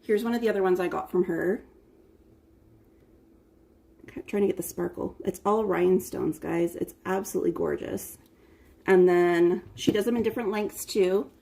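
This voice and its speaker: A warm, fairly low, creaky voice with long pauses comes from an American woman hosting an informal cooking stream at a moderate pace. She greets her viewers individually by name, and her phone front camera is distant.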